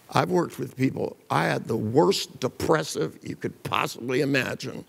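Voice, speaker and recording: His mid-range, creaky, slightly rough voice moves at a normal pace with few pauses, filling a large hall. The older man is delivering a seminar, sharing blunt jokey anecdotes and mimicking the people involved.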